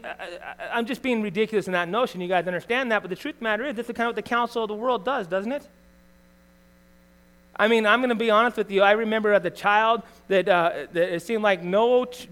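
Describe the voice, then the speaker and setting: A middle-aged man preaching a sermon in a voice that sits high for a man. He talks to the congregation conversationally and keeps tossing in tag questions. He swings between punchy, loud emphasis and quiet asides. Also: clear, resonant tone. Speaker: pastor.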